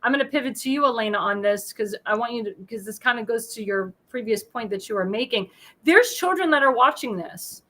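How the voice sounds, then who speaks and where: A woman's voice: a little high, expressive, a little fast, fairly bright tone. A woman hosting a political talk panel, laughing often and handing questions to her guests. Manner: giggly, hands off questions to guests. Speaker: host.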